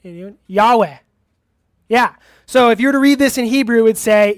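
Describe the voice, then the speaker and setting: A relaxed youth pastor preaching to a live group in a church hall, often stopping to ask questions and take answers. The voice sits at a middle pitch, and the talk is loose and full of fillers. The recording is dry and close, with almost no room echo. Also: normal speed. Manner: casual, chatty, asks the audience questions; laughs easily, uses many fillers. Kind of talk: interactive sermon.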